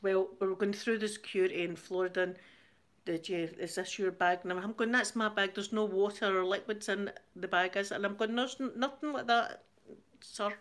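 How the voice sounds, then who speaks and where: A woman's voice: mid-range voice, level tone, fairly quick, a bit bright. Chatty Scottish woman with frequent laughter. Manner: rambling, chatty, laughs often, repeats words. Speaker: channel host. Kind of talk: casual storytelling chat.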